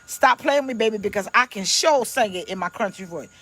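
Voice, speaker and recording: A woman's voice: medium pitch, lively intonation, a little fast, bright, forceful tone, a little hiss or hum. A woman pastor, preaching casually on a livestream from home, playful and chatty as she greets viewers by name.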